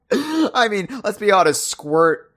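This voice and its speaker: Lively-voiced man hosting a podcast. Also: high voice, takes it slowly. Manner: playful, teasing, deadpan jokes. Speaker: podcast host. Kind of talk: casual podcast chat.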